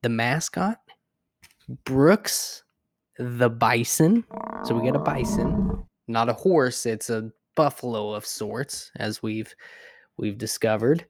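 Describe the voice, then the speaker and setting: A man cohosting a casual podcast, laying out picks in a measured way. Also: mid-range voice, dry recording, studio quality. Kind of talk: casual chat.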